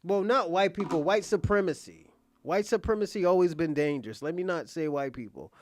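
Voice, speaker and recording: A man's voice: high voice, fairly quick, slight background noise. A man speaking in a blunt, profane casual rant to his viewers as an online commentator, often insisting that he is being honest and laughing between lines.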